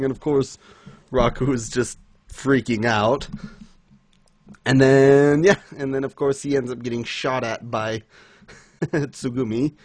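A man's voice: medium pitch, no echo. A man chatting casually on a podcast, recapping a manga chapter with frequent laughter and enthusiasm. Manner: giggly, enthusiastic, laughs often while recapping. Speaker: podcast co-host. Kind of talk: casual manga review chat.

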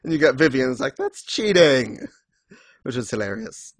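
Male co-host, casual recap; mid-pitched, dry close sound, slips into quick character voices. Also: no echo. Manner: acts out characters' lines in quick voices, laughs often. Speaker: podcast co-host discussing a manga. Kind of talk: casual chat.

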